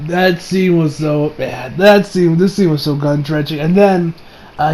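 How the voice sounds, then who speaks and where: A young man with a notably high voice talks through an anime episode in a loose, excitable way. He swears freely and stumbles over fillers and restarts. A faint hiss of noise sits under his voice. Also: unhurried. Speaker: anime reviewer. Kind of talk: casual episode review.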